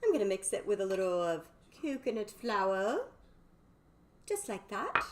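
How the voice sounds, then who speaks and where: A woman's voice: medium pitch, big pitch swings, unhurried, background noise. Bubbly woman chatting through a cooking stream. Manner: bubbly, chatty, talks to viewers. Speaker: cooking livestream host. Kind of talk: live cooking stream chat. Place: home kitchen.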